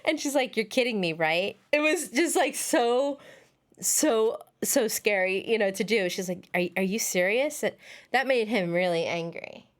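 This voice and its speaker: A woman's voice: medium pitch, unhurried. A middle-aged woman, a podcast guest, telling family stories in casual chat and acting out the voices she quotes. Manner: animated storyteller, acts out quoted voices.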